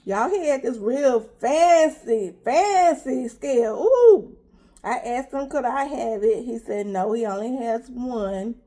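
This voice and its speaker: A woman's voice: a little high, expressive, takes it slowly, warm tone. A middle-aged woman vlogger chatting casually while she eats, telling a story straight to her viewers. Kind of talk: casual eat-with-me chat.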